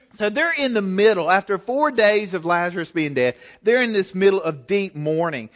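A man with a high-pitched voice preaches a sermon in a relaxed, conversational way. He drives his points home with emphatic, direct urging.

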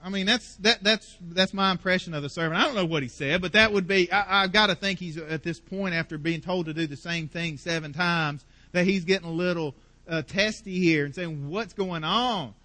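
A man's voice: sits high, fairly quick, sharp tone. A man preaching a sermon as pastor, emphatic and passionate, stacking up repeated phrases.

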